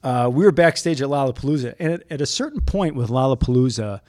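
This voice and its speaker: Guest storyteller: Chicago man with an animated, lively, up-and-down mid voice, dry close sound. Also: medium pitch, quick pace, no room sound. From Chicago, USA. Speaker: news photojournalist, guest. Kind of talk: storytelling in casual chat.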